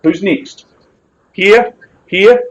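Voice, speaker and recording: A man's voice: high voice, extremely slow, highs cut off. A man with a New Zealand accent calling a live property auction with jovial, persuasive patter.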